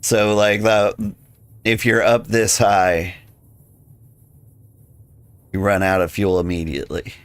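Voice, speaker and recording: A man with a fairly low voice chats loosely as he streams a game, filling his thoughts with easygoing asides. His voice sounds tired and a little worn, as if it is starting to go. Faint music plays underneath. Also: slow, long pauses, smooth, no echo. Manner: rambling, relaxed, many "like" fillers. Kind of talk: casual live-stream chat while playing.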